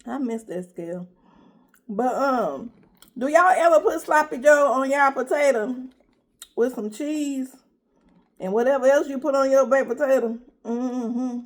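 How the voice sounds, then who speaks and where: Sex: woman. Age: middle-aged. Pitch: high. Pace: slow, unhurried. Style: chatty eat-with-me vlog, storytelling straight to viewers. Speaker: vlogger. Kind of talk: casual eat-with-me chat.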